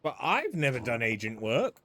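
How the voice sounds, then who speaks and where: A man's voice: medium pitch, wildly swooping pitch, normal speed, pushed and bright, a little hiss or hum. A man voicing a meek, apologetic young errand man in a video game, sounding hesitant. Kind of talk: reading game dialogue aloud.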